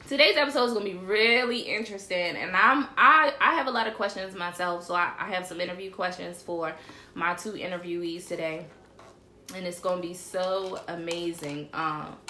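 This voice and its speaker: A woman's voice: lowish voice, slight background noise. Chatty woman host in a roomy room. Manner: chatty, animated, addresses the audience as y'all. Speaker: show host. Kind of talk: casual chat, livestream. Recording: roomy echo.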